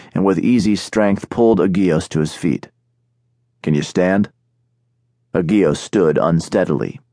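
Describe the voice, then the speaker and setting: A man narrating an audiobook in a steady, measured storytelling manner, recorded on a studio microphone. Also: deep voice, no echo. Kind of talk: scripted narration.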